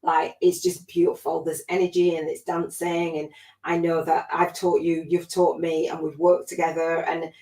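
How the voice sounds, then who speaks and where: A woman's voice: low voice, little pitch movement, normal speed, warm tone, echoey room. A woman spiritual life coach hosting a livestream, talking in a gushing, emotional way, laughing often and close to tears. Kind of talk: emotional motivational livestream talk.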